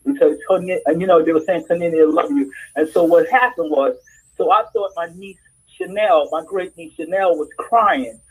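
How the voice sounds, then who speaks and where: A woman's voice: on the low side, normal speed, breathy edge, rough recording. An older woman telling an emotional testimony on a church prayer call over the phone, breaking into praise. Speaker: prayer line participant.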